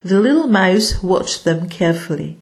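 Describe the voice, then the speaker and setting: A woman narrating a children's story in a gentle, unhurried reading manner. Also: lowish voice, lively intonation.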